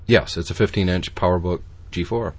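A man's voice: sits low, fairly quick, darkish tone, a little hiss or hum. A man hosting a podcast, chatting casually and laughing easily. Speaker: podcast host. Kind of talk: casual chat.

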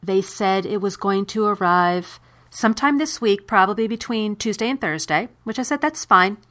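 Woman guest, mid-pitched, conversational and explanatory. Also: moderate pace, a bit bright. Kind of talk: casual chat.

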